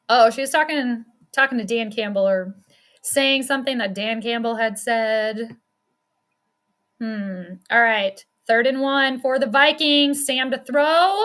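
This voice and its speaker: A woman's voice: fairly high pitch, measured pace, a bit bright. A woman giving casual live play-by-play commentary on a stream, chatty and laughing often as she reads out her chat. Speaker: sports streamer doing live game commentary.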